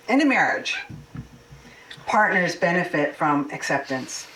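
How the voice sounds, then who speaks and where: A woman's voice: fairly low pitch, moderate pace, slight background noise. A woman minister giving a heartfelt, personal sermon and a blessing for a couple's anniversary. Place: church sanctuary. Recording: echoey hall, mic far off.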